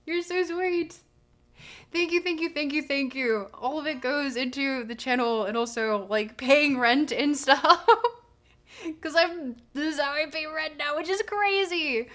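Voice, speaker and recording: A woman's voice: high-pitched, a little slow, fairly bright tone. A young woman streaming live, chatting casually, bubbly and giggly as she gushes thanks to her viewers. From Canada.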